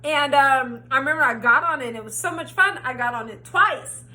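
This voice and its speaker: A young woman telling a story in a casual, animated way, swearing freely and acting out what she said. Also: high-pitched, a little fast. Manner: animated, swears freely, acts out her own quotes. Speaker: storytime vlogger.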